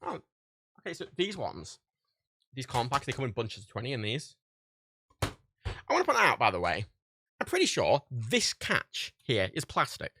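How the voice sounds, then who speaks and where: Swearing man, gravelly lively voice. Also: medium pitch, normal speed, pauses often, a little hiss or hum. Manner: profane, ranting, laughs often. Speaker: livestreamer. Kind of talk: casual livestream chat while packing orders.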